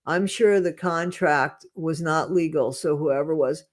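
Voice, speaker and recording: A livestream host reading viewer comments in a casual chat, blunt and full of restarts, swinging between quiet mumbling and loud ranting. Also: medium pitch, measured pace.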